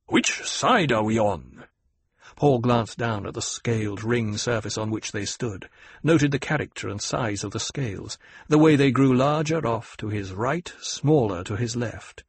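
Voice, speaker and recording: A man reading a novel aloud in a measured, even narrating manner. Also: mid-range voice, husky, no echo. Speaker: audiobook narrator. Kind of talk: scripted narration.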